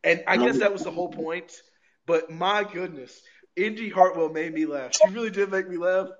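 A man's voice: high-pitched, moderate pace, dull audio. A man hosting a podcast, recapping wrestling in casual, profane chat, often repeating words and laughing. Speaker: podcast host.

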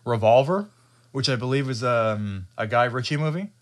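A man co-hosting a podcast, chatting casually and rambling through profane, animated retellings. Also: mid-range voice, normal speed. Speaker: podcast co-host. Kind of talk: casual chat.

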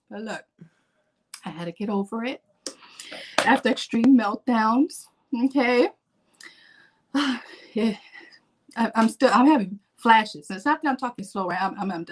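Woman in her forties, casual vlogger; playful, animated delivery, slightly high pitch. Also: normal speed, long pauses. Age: 40s. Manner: animated, playful, acts out her own inner voice. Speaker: fitness vlogger. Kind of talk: casual vlog talk to camera.

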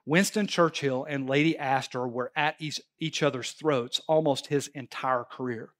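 A man's voice: medium pitch, moderate pace. A male pastor preaching a sermon at a church service, telling stories and pressing his points emphatically. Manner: animated, emphatic storytelling preacher.

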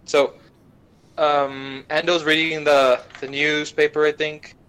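A man's voice: on the high side, clean tone, rough recording. A young man casually retelling an anime plot, swearing a lot and briefly putting on the characters' voices. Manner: profane, animated retelling with quick voices for characters. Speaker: podcast guest.

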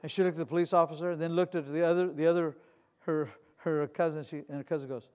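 A man in his sixties, a pastor preaching a sermon with humor and asides, swinging from loud declarations to hushed storytelling. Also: a little high, steady tone, quick pace. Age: 60s.

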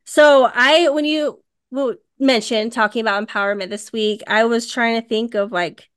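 A woman in her thirties co-hosting a podcast, telling a story in a casual, animated way. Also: a little high, moderate pace, clean tone. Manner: animated storytelling, acts out quoted dialogue. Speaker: podcast co-host.

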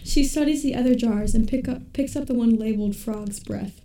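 Brief: young woman host, bright-pitched, narrates scenes breezily, roomy sound from off-mic. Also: normal speed, heavy background noise. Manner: laughing often, breezy narration. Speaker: podcast host. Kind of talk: narrating a casual table read. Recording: roomy, from a distance.

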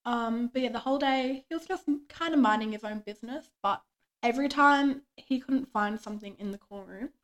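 This young woman's voice is a little high and fairly quick. As a podcast co-host in casual chat, she tells stories about her workday and acts out quoted dialogue from it.

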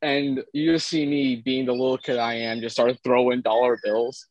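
A man's voice: medium pitch, animated, moderate pace, creaky, darkish tone, no echo, poor audio. Young male podcast co-host, casual and crude, rambling through an anecdote; dry, close sound. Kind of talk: casual storytelling chat.

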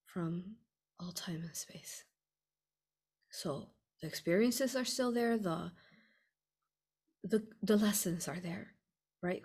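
A woman hosting a livestream Q&A, rambling and repeating herself, asking "right?" and sometimes dropping to a soft whisper. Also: lowish voice, husky. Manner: drops to a soft whisper at times. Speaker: host answering viewer questions. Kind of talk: livestream Q&A talk.

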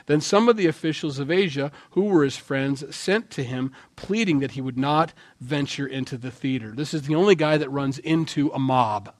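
A male pastor preaching a sermon in an animated way, swinging between loud lines and quiet asides. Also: medium pitch, normal speed, hardly any pauses.

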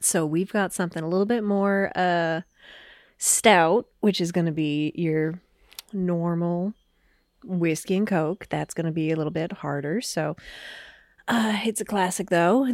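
A woman voicing a motherly tavern keeper who calls people darling and talks gently. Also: on the low side, no room sound, studio quality, lightly acted. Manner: warm, motherly, teasing.

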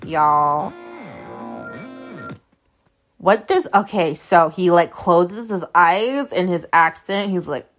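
A woman's voice: fairly low pitch, measured pace, soft background music. A woman hosting a podcast, telling a story in casual, blunt and profane talk full of fillers. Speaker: podcast host.

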